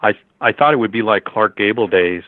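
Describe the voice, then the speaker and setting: A man's voice: on the low side, brisk, no room sound, lightly acted. A man voicing a huge, sheltered young man who talks nervously and hesitantly, in a storybook reading over a tinny phone-like line. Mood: bashful.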